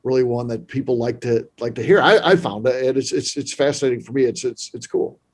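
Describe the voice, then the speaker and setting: A man's voice: mid-range voice, brisk, slightly rough. A man hosts a podcast interview in a mid-range voice. He sounds enthusiastic and often repeats words while he gathers his thoughts. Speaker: podcast host. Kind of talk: casual interview chat.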